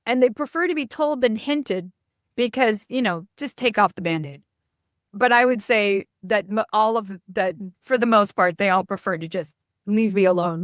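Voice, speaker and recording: A middle-aged woman from New York, a marketing expert speaking as a podcast guest, blunt and animated, often breaking off mid-sentence. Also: mid-range voice, moderate pace, no room sound, studio quality. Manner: blunt, animated, self-interrupting. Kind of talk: casual podcast interview.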